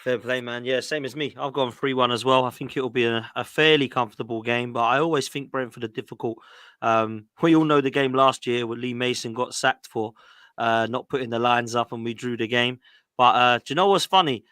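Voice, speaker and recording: A man's voice: medium pitch, brisk, fairly bright tone, clear, resonant tone, dry recording, studio quality. A man hosting a football podcast, upbeat and matey, calling everyone "mate" and "man". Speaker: podcast host. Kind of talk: casual podcast chat.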